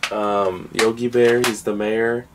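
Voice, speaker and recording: Casting: man, lowish voice, chatty co-host, a bit off-mic with faint room noise. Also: flat delivery, slow pace, recorded from a distance. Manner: chatty, jokey storyteller. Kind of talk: casual chat.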